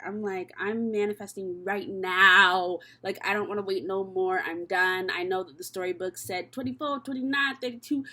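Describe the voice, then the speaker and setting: A woman's voice: mid-range voice, pushed and bright. A young woman from Canada doing a casual tarot reading and talking candidly, with plenty of swearing, as she thinks aloud. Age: young adult. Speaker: tarot reader.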